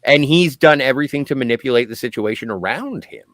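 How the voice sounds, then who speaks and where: A man's voice: medium pitch, fast talker, no echo. Podcast guy getting into why a villain does stuff, voice bouncing all over, dead dry sound. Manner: analytical, excited about character motives. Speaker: podcast co-host. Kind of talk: casual film discussion.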